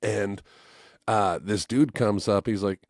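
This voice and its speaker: Male musician guest, forties, low-pitched, dry and close, animated storyteller who swears. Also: takes it slowly, no echo. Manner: animated, acts out voices in his stories, swears freely. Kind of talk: casual storytelling chat.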